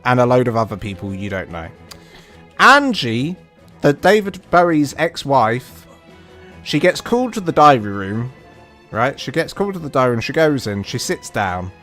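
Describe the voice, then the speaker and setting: A British man streaming a game and telling a rambling story, animated and full of restarts and asides. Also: medium pitch, normal speed, soft background music. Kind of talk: casual storytelling on a livestream.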